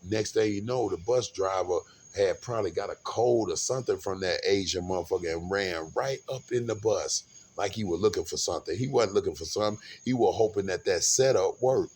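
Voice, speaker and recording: A man's voice: sits low, fairly quick, a little mellow, breathy edge. A man rambling through a profane, casual monologue about a trip, with frequent restarts.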